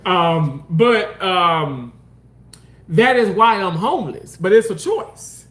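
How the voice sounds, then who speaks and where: A man hosting a casual livestream, reading comments and talking loosely, swearing often and jumping into exaggerated mock voices. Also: takes it slowly. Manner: animated, swearing, swings into high mock voices. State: homeless, says so. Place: outdoors park.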